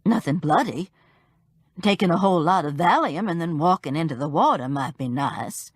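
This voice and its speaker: A woman's voice: deep voice, animated, normal speed, slightly rough, no echo, clean studio sound. A woman voicing an older woman, the narrator's plainspoken, matter-of-fact sister, in an audiobook.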